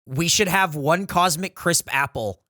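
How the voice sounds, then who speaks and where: A podcast producer chatting casually, enthusiastic and quick. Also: mid-range voice, bright, forceful tone, dry recording, clean studio sound. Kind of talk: casual chat.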